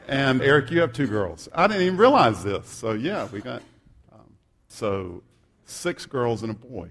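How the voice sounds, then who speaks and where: A male pastor preaching a sermon, reading scripture aloud and adding humorous, self-deprecating asides. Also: mid-range voice.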